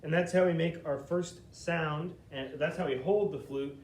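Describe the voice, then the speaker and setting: Male flute teacher, slightly higher voice, patient and methodical, checks in a lot. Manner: patient, explains slowly, checks in with frequent "okay?". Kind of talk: step-by-step instrument lesson.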